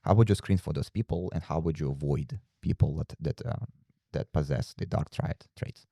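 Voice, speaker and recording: A man's voice: rumbling low, expressive, normal speed, gravelly, dark tone, no room sound, studio quality. A man hosting a podcast in casual chat, talking hesitantly and restarting his sentences often. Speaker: podcast host.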